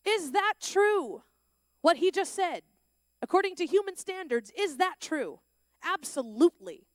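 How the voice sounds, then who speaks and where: A woman giving a lively sermon at a school chapel, acting out the lines of the story's characters. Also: very high voice, moderate pace, no echo, clean studio sound. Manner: animated, plays out the characters' lines. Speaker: chapel speaker.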